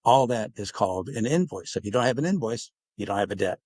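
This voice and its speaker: This guest author on a podcast has a lowish, slightly mellow and husky voice, and he talks fast and animatedly with no echo. He goes into long explanations and performs snippets of dialogue in quotes.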